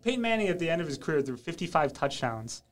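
A young man hosting a podcast, speaking in a smooth voice with a laid-back, rambling manner full of filler words. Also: a little high, sing-song, fast. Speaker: podcast host. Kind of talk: casual interview chat. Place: podcast studio.

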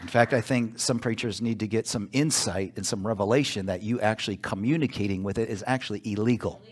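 A male pastor preaching a sermon in church, emphatic, pausing for call-and-response asides. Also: lowish voice, slight background noise.

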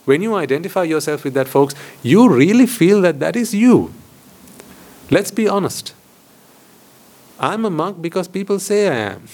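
Buddhist monk giving a questioning talk. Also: male voice, a little high, darkish tone. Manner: questioning, rhetorical, repeats phrases for emphasis. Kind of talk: dharma talk to lay audience. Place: hall with board.

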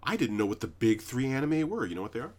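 A man's voice: mid-range voice, big pitch swings, fast talker. A man co-hosting a podcast, talking casually, emphatic and heavy on swearing. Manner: profane, emphatic, with frequent fillers. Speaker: podcast co-host. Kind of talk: casual chat.

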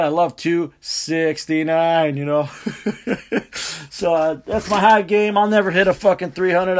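A man telling a rambling, profane, animated story in casual chat. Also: sits high.

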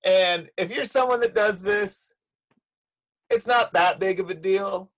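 A man co-hosting a surf podcast, talking in relaxed surfer slang, calling people "dude" and going off on a rant. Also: high voice, measured pace, low-quality recording. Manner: laid-back surfer slang, ranting. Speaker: podcast co-host. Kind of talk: casual chat.

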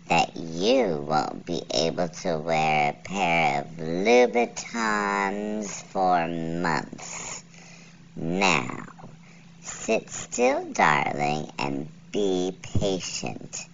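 A man voicing a menacing kidnapper who drawls slow, mocking threats. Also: low-pitched, wildly swooping pitch, creaky, pitched below the performer's own voice, full character voice. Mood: taunting. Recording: dull lo-fi with faint hiss.

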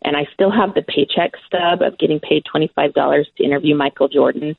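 Gravelly-voiced woman on a tinny line. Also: low voice, brisk, no echo. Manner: enthusiastic storyteller, laughs often. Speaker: sports broadcaster, guest. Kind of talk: casual interview chat.

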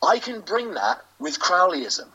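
Husky, showboating British wrestler. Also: male voice, high-pitched, very animated, sharp tone. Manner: grandiose, self-aggrandizing, theatrical pauses. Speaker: professional wrestler, interview guest. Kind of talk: in-character wrestling promo. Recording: lo-fi dull audio.

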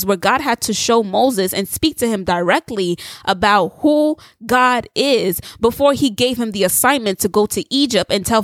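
Woman preacher, testimony sermon, animated storyteller, dry close recording. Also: medium pitch, no room sound. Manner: animated storytelling, acts out dialogue; addresses listeners directly with rhetorical questions.

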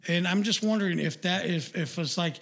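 A man's voice: high voice, fairly quick, creaky, a bit bright. A man co-hosting a podcast in casual live-stream chat, rambling bluntly with lots of fillers and swearing. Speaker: podcast co-host.

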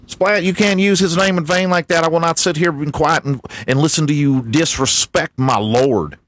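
A man's voice: on the high side, normal speed, a bit bright, voice pushed up, close to an everyday voice. A man voicing a pious, blustering conservative male janitor who calls everyone buddy, in an improvised comedy bit. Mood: indignant.

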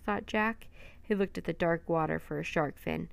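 Gravelly, low-voiced woman reading a storybook. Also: moderate pace. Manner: steady, even narration with light character voices. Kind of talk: children's chapter book read aloud.

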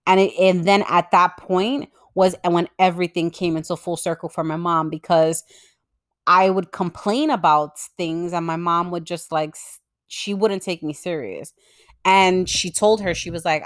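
Young female podcast host, lower pitch, loose and chatty with casual cursing, dry recording. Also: fairly even intonation, measured pace, no room sound. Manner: chatty, swears casually, many fillers. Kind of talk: casual storytelling.

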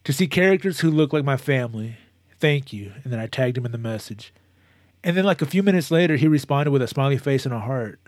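A man chatting casually as a co-host, telling a long, animated story with many restarts and moments of emotion. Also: medium pitch, quick pace, no echo, studio quality. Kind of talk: casual chat.

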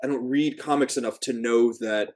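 A man's voice: medium pitch, fairly even intonation, moderate pace, darkish tone. A man co-hosting a live movie podcast in casual chat, loose and rambling, often laughing at himself. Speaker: podcast co-host.

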